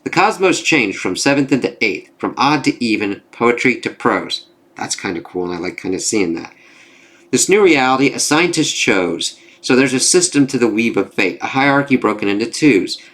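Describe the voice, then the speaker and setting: A man reading the verses of a rhyming male storyteller god from a comic, reciting them in measured rhyme. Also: mid-range voice, lively intonation, a bit bright. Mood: solemn.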